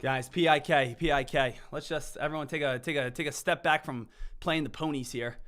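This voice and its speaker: A man streaming live stock trades, narrating the chart with repeated chants and bursts of shouting. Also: a little high, normal speed. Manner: hyped, repetitive chanting, swings from shouting to calm. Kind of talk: live trading commentary.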